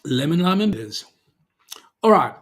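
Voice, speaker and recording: A man's voice: a little high, sing-song, a little slow, a bit bright. An Australian man hosting a charity channel livestream in a casual, chatty way, reading viewer comments aloud and answering them.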